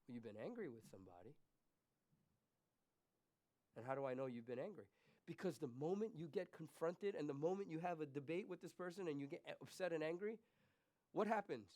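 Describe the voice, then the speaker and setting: Emphatic preaching pastor, slightly high voice. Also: male voice. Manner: swings from hushed confession to raised emphatic questions. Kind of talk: sermon. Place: church.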